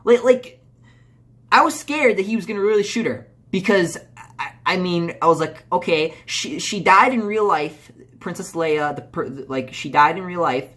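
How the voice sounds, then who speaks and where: A man's voice: high voice, lively intonation, normal speed, a bit bright. A young man doing a casual movie review, rambling through restarts and fillers and swearing as he gets heated. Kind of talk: casual video review rant.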